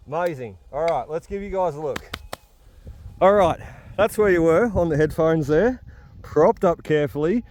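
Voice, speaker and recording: A man hosts his own metal detecting videos out in the bush, narrating outdoors as he detects and chatting straight to his viewers. His voice is fairly high and animated with a darkish tone, at a normal speed.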